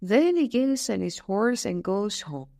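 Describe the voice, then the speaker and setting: Slow, expressive woman storyteller. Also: mid-range voice, no room sound, studio quality. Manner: slow, clear, expressive reading. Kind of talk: storybook narration for English learners.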